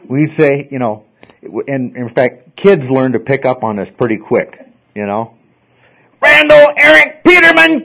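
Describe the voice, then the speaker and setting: A man's voice: medium pitch, a little mellow, husky. Man teaching a class, checking in often. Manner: explains step by step, checks in with frequent "okay?". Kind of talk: classroom lecture. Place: classroom with students. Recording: slightly dull lo-fi recording.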